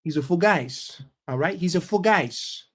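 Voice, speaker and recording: A man's voice: on the high side, expressive, slightly rough. A man doing a drawling New mobster. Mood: swaggering. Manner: drawn-out, slangy drawl. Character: tough New Jersey mobster type, male.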